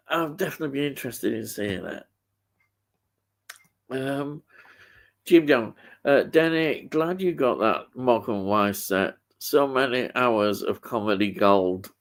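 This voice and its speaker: A man's voice: mid-range voice, animated, takes it slowly, vocal fry, long pauses. A man hosting a casual live stream, chatting about films and reading out viewer comments, rambling and hesitant with many ums and restarts. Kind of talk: casual chat.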